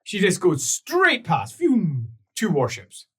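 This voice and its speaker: A man running a tabletop role-playing game, narrating the scene with animated energy and bursts of sound effects. His voice is husky and breathy, and his pitch rises and falls in a lively way. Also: a little slow. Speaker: game master.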